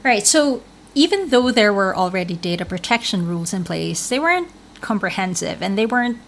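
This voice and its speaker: A woman's voice: medium pitch, very animated, a little fast, slight background noise. A woman correspondent answering interview questions in an explanatory way, with frequent fillers. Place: remote link from another city.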